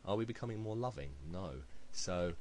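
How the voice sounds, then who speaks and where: A man's voice: fairly low pitch, expressive, moderate pace, darkish tone, slight background noise, rough recording. A British man delivering a heated, blunt opinion rant to camera, swearing freely. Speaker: video blogger. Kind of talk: ranting opinion commentary.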